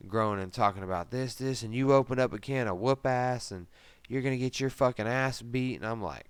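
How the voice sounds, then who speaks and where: A man's voice: medium pitch, a little fast, clean tone, no echo. A man in his thirties, a podcast host, telling a rambling story in casual chat, with constant swearing and filler words.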